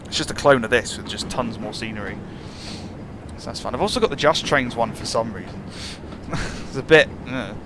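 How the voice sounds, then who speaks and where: A man's voice: mid-range voice, animated, normal speed, noisy background. A man giving casual, musing commentary while playing a train simulator, chuckling often. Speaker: gameplay channel host.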